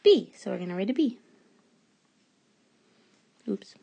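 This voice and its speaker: Slow, patient woman teacher sounding out letters. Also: mid-range voice, big pitch swings, creaky, warm tone, slightly rough, dull audio. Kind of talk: remote phonics lesson for young children.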